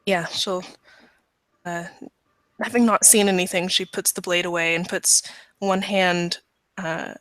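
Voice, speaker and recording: Bright-toned woman playing a tabletop game. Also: lowish voice, steady tone, unhurried, pauses often, dry recording, rough recording. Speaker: player. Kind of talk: describing her character in third person.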